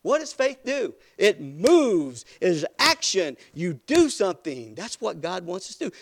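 A man preaching a sermon, building from quiet, hushed passages to loud, rising emphasis. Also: sits high, huge pitch swings, a little slow.

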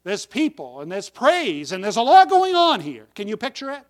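A man's voice: high voice, wildly swooping pitch, moderate pace. A man preaching a folksy sermon to his congregation, with sudden emphatic bursts on key words. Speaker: pastor.

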